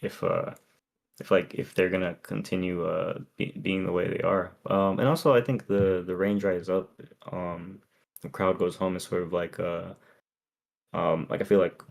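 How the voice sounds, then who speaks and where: A man co-hosting a podcast, talking through song lyrics in a halting, filler-heavy way. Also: sits low, fairly even intonation, gravelly. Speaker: podcast co-host. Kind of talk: casual chat, reading lyrics and chat comments.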